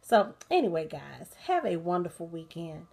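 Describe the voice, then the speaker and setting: A woman's voice: on the low side, normal speed, vocal fry. Tired, chatty woman winding down at night. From United States. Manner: relaxed, chatty, laughing often, many fillers. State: sleepy and tired. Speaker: host of a bedtime talk channel. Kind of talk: casual bedtime chat to viewers. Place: dim bedroom at night, soundscapes playing.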